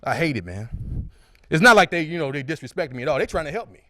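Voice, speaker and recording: A man in his forties doing a stand-up comedy set on a club stage into a handheld mic, with loud, high-pitched impressions of his friends. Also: big pitch swings, fast talker, no echo, studio quality. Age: 40s.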